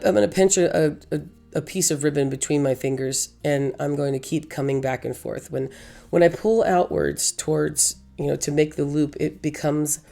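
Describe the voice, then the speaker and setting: Hoarse gravelly woman crafting tutorial. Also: sits low, dark tone. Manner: chatty, rambling, self-correcting. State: hoarse, losing her voice. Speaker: craft channel host. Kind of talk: casual crafting tutorial voice-over.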